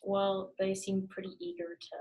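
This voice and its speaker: A young woman giving quiet, hesitant answers as a receptionist in training. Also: mid-range voice, completely flat delivery, moderate pace, breathy edge, low-quality recording.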